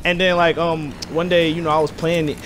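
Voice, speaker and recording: Young man, gaming YouTuber, slangy and animated, slightly high voice. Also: brisk, slight background noise. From Detroit, USA. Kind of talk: casual storytelling over gameplay.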